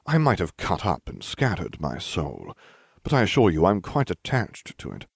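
A man's voice: low voice, wildly swooping pitch, normal speed, creaky, husky, dry recording, clean studio sound, full character voice. A man voicing a smug, scheming teenage wizard with a sardonic, condescending manner.

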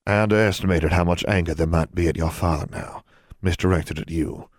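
A calm, composed mother witch, read by a man in an even, measured tone. The voice stays low and deep. The recording is close and dry. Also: no echo.

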